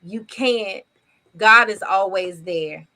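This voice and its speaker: A woman's voice: mid-range voice, slow. A woman in her fifties co-hosting a faith talk show, sharing her testimony and encouraging listeners. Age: 50s. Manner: warm testimony, preachy encouragement. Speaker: co-host. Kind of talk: faith-based casual talk.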